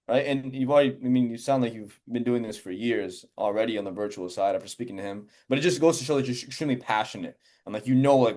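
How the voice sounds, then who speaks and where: A man's voice: mid-range voice, a little mellow. Casual male interview host. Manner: casual, filler-heavy, says "man" and "like" a lot. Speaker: podcast host. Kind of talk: interview conversation.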